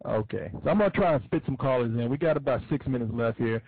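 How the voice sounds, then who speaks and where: A man hosting a call-in show, chatting casually with callers in an excitable, joking way. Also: medium pitch, fast, slightly rough, no echo, phone-quality sound.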